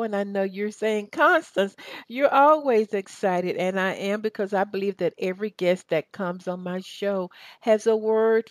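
A woman's voice: medium pitch, no room sound. Woman, Southern accent, radio host, chatty, upbeat, dry close sound. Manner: upbeat, chatty, many fillers. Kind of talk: casual radio interview.

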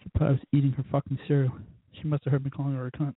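A man's voice: mid-range voice, flat delivery, racing, breathy edge, no echo. A man hosting a podcast alone, rambling and profane, with mimicked voices and sound effects. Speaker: podcast host. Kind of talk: casual solo monologue. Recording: tinny phone-like lo-fi sound.

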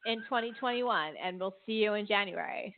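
A woman's voice: medium pitch, fairly quick, noisy background. A woman co-hosting a casual podcast chat, talking loosely with many fillers and frequent laughs. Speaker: podcast co-host. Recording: dry, phone-like line.

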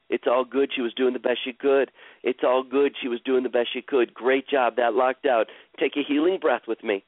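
A man coaching a caller through her feelings in a live session, with slow, soothing, repetitive guidance. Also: medium pitch, dry recording, narrow, tinny audio.

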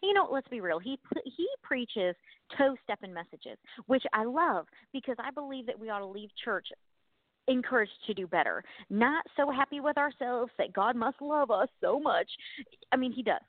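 A woman co-hosting a casual faith podcast, chatty and animated, laughing at herself as she talks. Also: on the high side, normal speed, no room sound, phone-quality sound. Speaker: podcast co-host.

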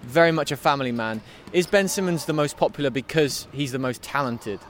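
Man, podcast host, teasing, conversational, mid-pitch, faint outdoor noise. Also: a little fast, fairly bright tone. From England. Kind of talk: casual interview chat. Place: sports arena after a game.

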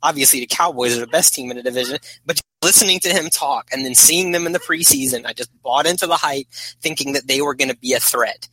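Bright-voiced opinionated man talking sports. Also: mid-range voice, quick pace, breathy edge, dry recording, rough recording. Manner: rambling, opinionated sports fan. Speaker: podcast guest. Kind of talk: casual chat.

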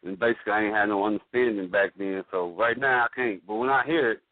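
Male caller in a heated on-air argument, halting delivery, dry phone-line audio. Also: on the low side, no echo. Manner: halting, stumbles and restarts while arguing. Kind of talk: heated call-in radio debate.

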